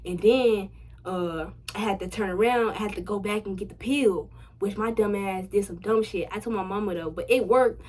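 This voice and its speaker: A young adult woman telling a personal story to her viewers in a casual vlog, slangy and full of swearing, getting louder and higher when excited. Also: normal speed. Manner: chatty, slangy and profane, addressing viewers directly; animated, rising loud and high when excited. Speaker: vlogger.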